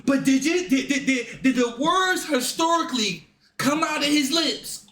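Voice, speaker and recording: A man hosting a reaction video, talking casually, incredulous and excitable, repeating himself as he reacts. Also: very high voice, a little slow, recorded from a distance. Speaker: reaction host. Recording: echoey room, voice off-mic.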